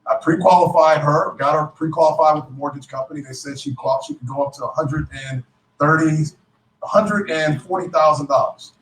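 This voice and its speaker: At a business event, a man gives a lively, joking motivational talk to a live audience, calling himself a clown. His slightly high voice is brisk and sounds distant in an echoey hall.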